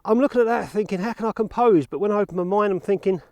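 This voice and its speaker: A man's voice: sits high, very fast, a little mellow, dry recording. A man vlogging casually outdoors in fields about film photography, chatty and self-deprecating, out of breath from cycling. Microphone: action camera.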